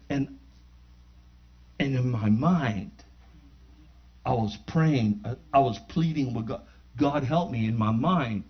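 Lively man telling a church testimony. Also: fairly high pitch. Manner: animated storyteller acting out dialogue. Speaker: church member giving a testimony. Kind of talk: spoken testimony storytelling. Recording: dull lo-fi recording.

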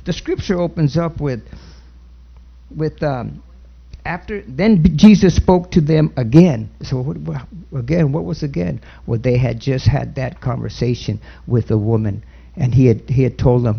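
A man preaching a sermon and leading a spoken prayer, earnest and halting, with many restarts. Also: medium pitch, creaky, breathy edge. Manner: louder and fervent when praying. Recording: dull lo-fi recording.

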